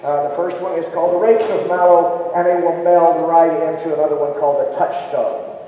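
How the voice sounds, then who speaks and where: A man's voice: fairly high pitch, steady tone, brisk, highs cut off, noisy background. A man performing folk music for students, playfully coaxing the audience to answer back, his voice a bit ragged from long singing. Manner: playful, coaxes audience call-and-response. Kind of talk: school assembly performance talk. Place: large indoor auditorium with tiered seats. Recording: roomy echoey hall from far off.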